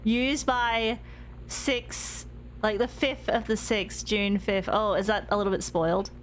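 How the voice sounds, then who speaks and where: A woman's voice: medium pitch, fairly even intonation, unhurried, a little hiss or hum. A young woman streaming a game, chatting casually, reading in-game notes aloud and laughing easily.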